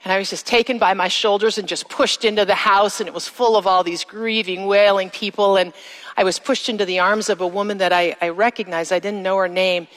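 A middle-aged woman sharing a personal testimony with an audience, speaking slowly and emphatically and drawing out her phrases. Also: mid-range voice, steady tone, a bit bright. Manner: slow, emphatic storytelling with drawn-out phrases. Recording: long reverb of a large hall.

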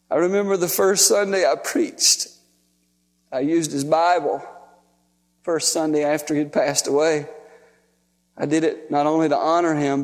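A man preaching, telling a personal story in a folksy, emotional, animated way. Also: a little high. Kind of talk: sermon storytelling. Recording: long hall reverb.

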